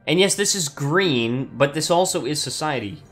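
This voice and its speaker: A man's voice: on the high side, animated, normal speed, fairly bright tone, soft background music. A man with a Midland American accent chatting casually and laughing while playing a strategy game with a friend. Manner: easygoing, corrective, laughs often. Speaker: co-player. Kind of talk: casual chat while gaming.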